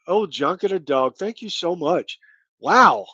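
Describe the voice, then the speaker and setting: A middle-aged man from Kentucky, his speech carrying a light Kentucky accent, hosts a casual live stream and rambles in a folksy way. His voice sits a touch high for a man. The sound is dry and a little dull, like a home stream. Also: animated, moderate pace, slightly rough, dry recording. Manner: rambling, folksy, thanks viewers by name. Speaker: channel host.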